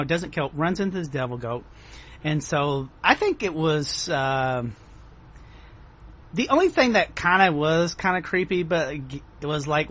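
A man's voice: fairly high pitch, fairly bright tone. A man hosting a casual film review chat, rambling with lots of hedging fillers. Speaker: podcast host reviewing a film.

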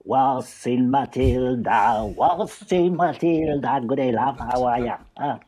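A French-accented man putting on a broad, sing-song Australian bloke voice with drawn-out words. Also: mid-range voice, mellow, breathy edge. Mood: playful.

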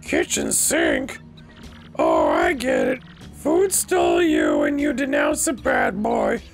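A man voicing a gruff, deep-voiced male game character with a growling, blustery delivery. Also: wildly swooping pitch, takes it slowly, faint music behind, heavily acted.

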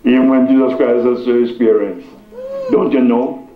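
A man's voice: medium pitch, fairly even intonation, crowd noise. Preaching male pastor in an echoey church. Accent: Chicago. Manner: call-and-response preaching, reads scripture slowly. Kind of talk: preaching sermon. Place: church sanctuary. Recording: echoey church, muffled lo-fi sound.

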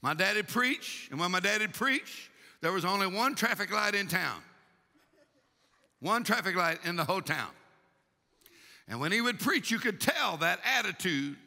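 A man preaching a fiery sermon, shouting and exhorting with repeated rallying calls. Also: sits high, lively intonation, moderate pace, creaky, pauses often. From Texas. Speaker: pastor. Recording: reverberant church hall.

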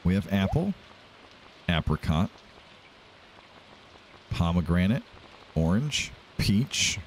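A man's voice: low-pitched, very animated, takes it slowly, slight background noise. A man hosting a let's play, chatting casually and thinking aloud as he plays. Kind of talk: casual gameplay commentary. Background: game music.

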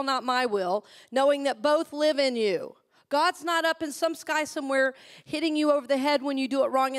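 A middle-aged woman minister giving a sermon, leading the congregation in call-and-response and telling personal stories in a conversational way. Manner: call-and-response, asks the congregation to repeat phrases; conversational storytelling, drops soft and low for personal anecdotes.

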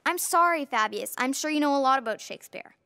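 A woman's voice: high voice, expressive, fast, music in the background. A woman voicing an earnest teenage witch girl who directs the school play in a cartoon. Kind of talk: cartoon voice acting.

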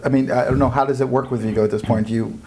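A man's voice: medium pitch, fairly even intonation, very fast, a little mellow, husky. A man interviewing, asking questions and murmuring short acknowledgements.

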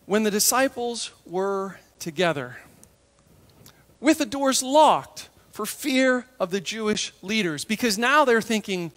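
A man preaching a sermon, animated, acting out the voices of biblical figures and dropping to a hush for tender moments. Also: high voice, slow pace, long reverb tail.

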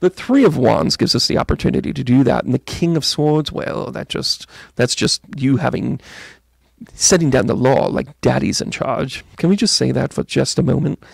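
A man's voice: mid-range voice, moderate pace, vocal fry, breathy edge, dry recording. A man putting on a British accent to play a theatrical male psychic medium who calls the listener "my dear" and teases her. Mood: grand, teasing. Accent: British (put on). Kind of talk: mock tarot reading on a live stream.

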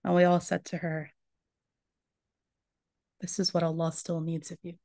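A woman's voice: lowish voice, monotone, measured pace, warm tone, no echo. A woman giving a religious lecture, earnestly retelling a survivor's story in her own words.

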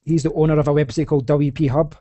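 A young man with a Scottish accent rambles through a casual chat, stumbling and restarting often. His voice sits a little high yet sounds mellow and warm. The sound is close and dry. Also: flat delivery, fast, no echo. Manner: rambling with many restarts and laughs. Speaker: podcast host.

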